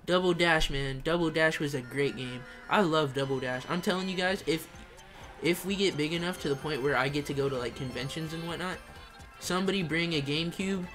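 Excitable young man streaming a racing game. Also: fairly high pitch, fairly quick, soft background music. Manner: excitable, slangy trash talk. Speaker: gaming streamer. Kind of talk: live gameplay commentary while reading chat.

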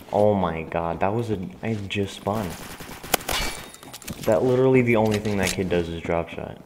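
Frustrated trash-talking young-sounding gamer, low voice. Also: male voice, moderate pace, a little hiss or hum. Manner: swings between muttering and sudden yelling. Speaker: gamer commentating his own match. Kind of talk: live gameplay commentary. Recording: game gunfire clearly behind the voice.

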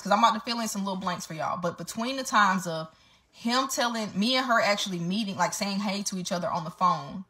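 A woman's voice: mid-range voice, sharp tone. A woman telling her story straight to camera in a casual storytime vlog, candid and swearing freely.

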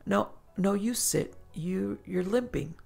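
Lady doing a sweet old priest guy, slow and soft, gravelly and husky. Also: mid-range voice, soft background music, voice pushed up, exaggerated voice. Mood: gentle. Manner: slow, gentle, sometimes near-whispered. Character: frail kindly old male priest, soft-spoken.

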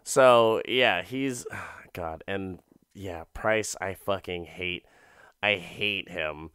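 A man's voice: sits low, drawn-out words, a bit bright, smooth, dry recording, clean studio sound. A man hosting a podcast, retelling an episode in a casual, profane, rambling way full of fillers. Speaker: podcast host. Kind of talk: casual comedic episode recap.

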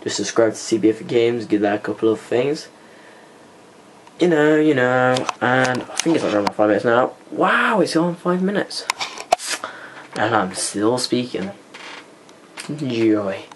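A teenage boy talks to his camera in a loose, rambling way while he plays a computer game at his desk. He mutters and swears at the game under his breath. His voice sits at a middle pitch, and there is steady hiss and room noise on a cheap handheld camera mic. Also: moderate pace. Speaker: vlogger. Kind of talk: casual vlog chat while playing a computer game. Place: indoors at a computer. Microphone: camera mic, held by hand. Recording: noisy home camera recording.

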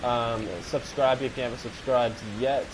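A man's voice: medium pitch, little pitch movement, normal speed, background noise. A young man commenting on a horror game, panicky, swearing and repeating himself. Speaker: gaming video host.

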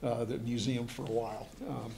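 A man's voice: mid-range voice, flat delivery, normal speed, creaky, dark tone, a little hiss or hum. A man, a museum historian, giving a lecture to an audience, hesitant with many fillers and restarts, and chatty with joking asides.

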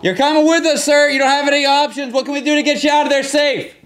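A man with a very high, thin voice plays a deputy in live role-play voice chat. He is brash and foul-mouthed and needles his target relentlessly. His voice comes through a close headset mic. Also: fairly even intonation, fast, fairly bright tone. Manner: brash, profane, taunting. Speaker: player acting as a sheriff's deputy.

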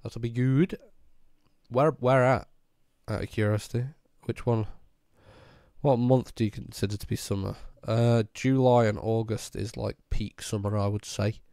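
Sick and with a voice that keeps breaking, a young streamer chats easily with his live audience, taking their questions one by one. His mid-range voice is steady, dark and measured, with clean, echo-free studio sound.

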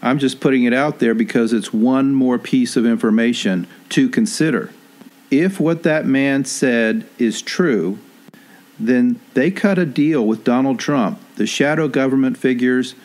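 Man, show host, scripted commentary, measured, cautionary tone, average pitch. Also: a little mellow.

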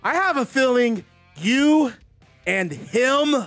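A grinning, eerily sweet kids'-show host, put on by a man who squeaks his greetings in a very high, singsong voice. The cheer sounds forced and unsettling, with faint music playing behind. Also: animated, slow, fairly bright tone, no room sound, full character voice. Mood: eerily cheerful.

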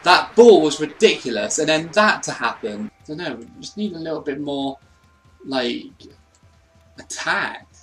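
A man's voice: on the high side, lively intonation, measured pace, a bit bright, soft background music, poor audio. A young man giving casual commentary on a football video game, swearing and ranting at the computer opponent. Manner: frustrated, swears, rants at the game. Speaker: gaming YouTuber.

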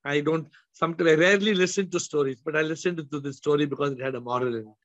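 A man with a high voice teaches spiritual lessons over a video call. He talks emphatically and tells stories. The sound is dry and muffled, like dull call audio. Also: quick pace, fairly bright tone, no room sound. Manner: storytelling, emphatic, mixes in Hindi phrases.

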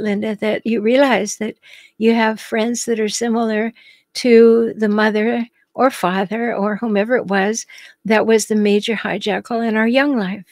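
A woman hosting a live stream, reading viewers' comments and answering them in a gentle, reassuring way. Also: fairly high pitch, no echo.

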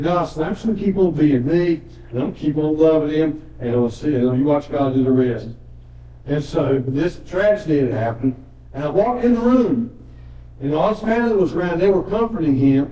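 A man's voice: a little high, mellow. A man preaching a sermon as a pastor, telling stories in a folksy way, with joking asides and repeated words. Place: church sanctuary. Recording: dull echoey church recording from a distance.

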